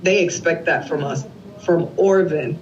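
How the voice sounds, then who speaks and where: Speaking a little slowly in a low voice, this forties-aged woman is a guest on an interview, sharing an emotional story about her family. She brings the characters' lines to life as an animated storyteller, while light background noise sits under the somewhat dull lo-fi audio.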